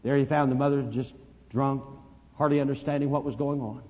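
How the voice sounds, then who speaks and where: A man preaching a sermon, telling a story dramatically and swinging from hushed to loud. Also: medium pitch, fairly even intonation, fairly quick. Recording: dull lo-fi recording, long reverb.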